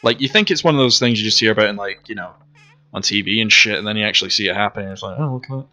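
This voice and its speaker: A man talks through his gameplay in a casual, rambling way, swearing freely and poking fun at himself. His voice sits low but has a bright, forceful edge. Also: racing. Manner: rambling, profane and self-mocking. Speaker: let's play commentator.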